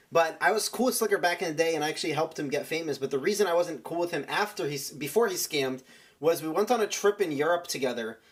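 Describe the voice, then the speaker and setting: A young man streamer telling a rambling story in casual chat, full of "like" and restarts. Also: a little high.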